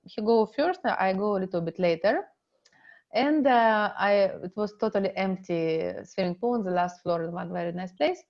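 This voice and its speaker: A middle-aged woman with a Russian accent teaching an online relationship seminar in slow, halting, non-native English. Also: medium pitch, lo-fi sound. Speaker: relationship coach.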